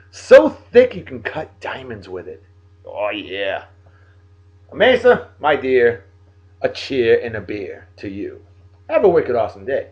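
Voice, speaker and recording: Jovial New man giving shout-outs. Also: dull audio. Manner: jovial, folksy, animated, big pitch swings. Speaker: host of a daily beer and song video show. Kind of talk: casual shout-outs monologue.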